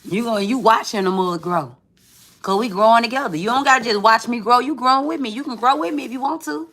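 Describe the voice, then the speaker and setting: Woman, tarot reader, casual chat, bright tone, profane, friendly. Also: fairly high pitch, fast talker. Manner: chatty, profane, calls the viewer friend.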